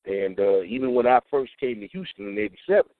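Chill dude, kinda low voice, sounds like a phone call, no room sound. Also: male voice, animated, quick pace, no echo. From Trenton, New Jersey. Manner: laid-back, often adds "you know what I'm saying" and "man". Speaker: DJ, interview guest. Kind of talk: casual interview chat. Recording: tinny phone-like dry line.

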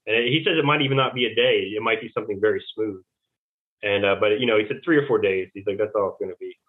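A man's voice: fairly low pitch, fast. Rambling man on a tinny phone line. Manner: rambling, many "like" fillers, retells conversations. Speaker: guest. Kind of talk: rambling phone interview storytelling.

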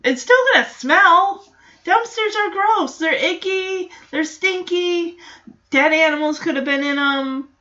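A woman's voice: very high voice, a little slow, bright, forceful tone, highs cut off. A woman giving a casual, chatty reaction commentary on a TV episode, exasperated and prone to personal tangents. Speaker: show recap host.

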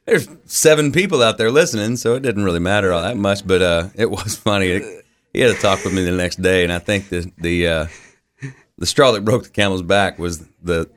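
Laid-back low-voiced country singer. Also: male voice, a little fast. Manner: laid-back storytelling, laughs often, many fillers. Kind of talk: radio interview.

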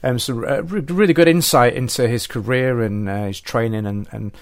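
A man's voice: mid-range voice, moderate pace, no echo. Male podcast host, upbeat and encouraging, casual; dry close sound.

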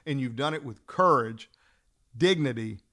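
A man teaching fellow trial lawyers, telling a story and acting out the dialogue, then slowing down to stress his key points. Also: medium pitch. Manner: acts out dialogue in a lively storytelling way. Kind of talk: storytelling lecture.

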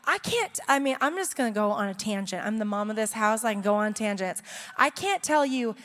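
A woman's voice: medium pitch, expressive, a little fast, fairly bright tone, in a large hall. A woman in her thirties preaching a sermon in a church, chatty and joking with asides. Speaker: pastor. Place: large church hall with audience.

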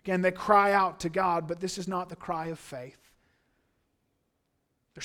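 Pastor, male, higher-pitched voice; earnest, emphatic sermon delivery, dropping to hushed asides and then rising. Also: steady tone, measured pace, pauses often. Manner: earnest, emphatic preaching with swings from hushed to loud.

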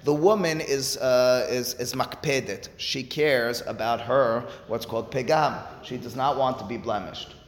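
A man's voice: mid-range voice, a little slow, few pauses, a little hiss or hum. A man giving a Talmud study lecture, explaining step by step and posing rhetorical questions to his listeners. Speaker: Talmud teacher. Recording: echoey hall with long reverb.

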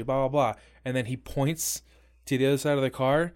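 A man co-hosting a podcast in casual chat, swearing freely and telling stories with quick acted quotes. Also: medium pitch, steady tone, clear, resonant tone. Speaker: podcast co-host.

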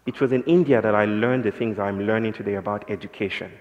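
A man with a lowish voice speaks quickly, the audio dull and the lecture hall reverberant. As an invited speaker, he gives a reflective, poetic talk to the audience, starting in a musing mood and building to impassioned emphasis.

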